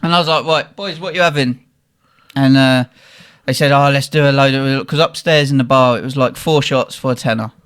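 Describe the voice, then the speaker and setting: A young man, co-hosting a podcast and telling a lively, profane story about a night out. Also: medium pitch, brisk, smooth. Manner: animated, swears freely, quotes people in the story. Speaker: podcast co-host. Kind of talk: casual storytelling.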